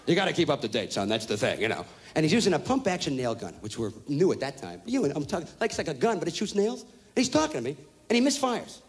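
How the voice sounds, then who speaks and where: With big swings in pitch and a voice slightly on the high side, a man in his thirties performs stand-up live. His profane story comes fast and brash, its punchlines shouted.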